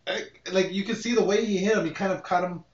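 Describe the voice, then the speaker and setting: A man's voice: high voice, fast talker. A man co-hosting a podcast in casual chat, rambling and swearing, with lots of "like" fillers. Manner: profane, rambling, heavy use of "like". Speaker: podcast co-host. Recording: echoey, dull room sound from a distance.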